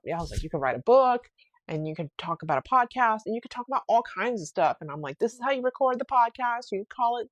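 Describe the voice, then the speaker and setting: A young woman hosting a casual solo podcast, telling a story in a rambling, animated way with many fillers and restarts. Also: medium pitch, no echo. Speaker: podcast host.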